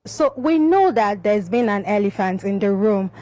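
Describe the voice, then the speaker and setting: A woman field correspondent reporting live and asking direct, brisk questions of an interviewee. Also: medium pitch, animated, mellow, dry recording.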